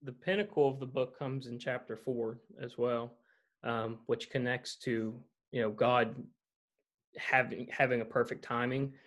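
A man's voice: mid-range voice, a little slow. Man retelling a Bible story casually. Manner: animated storyteller, paraphrasing scripture conversationally. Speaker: church leader in a podcast discussion.

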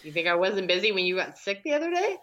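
A young woman co-hosting a podcast, teasing and firing off quick questions in casual chat. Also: medium pitch, big pitch swings, fairly bright tone. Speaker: podcast co-host.

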